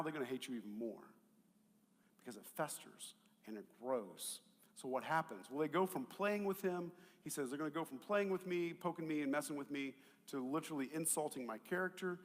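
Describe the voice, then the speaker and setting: A man preaching a sermon as pastor, animated and conversational, swinging from loud emphatic peaks to quiet asides, with jokes and rhetorical questions. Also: fairly high pitch, big-room sound. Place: church auditorium.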